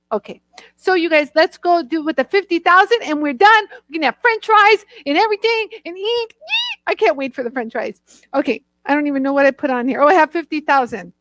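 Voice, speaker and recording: A woman's voice: high voice, no room sound, rough recording. A woman hosting a chatty live demonstration, bubbly and laughing often, greeting viewers by name. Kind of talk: chatty live product demo.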